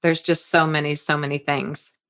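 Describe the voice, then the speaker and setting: A woman hosting a podcast interview, talking in an animated way that often breaks off and restarts her sentences. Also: sits low, moderate pace. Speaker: podcast host. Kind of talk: conversational interview.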